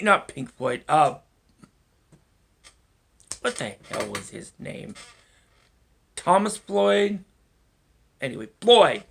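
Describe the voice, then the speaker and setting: A man's voice: fairly high pitch, big pitch swings, slow, gravelly, pauses often, a bit bright, breathy edge. A man rambling through a solo vlog monologue, swearing often and chuckling to himself. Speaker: vlogger.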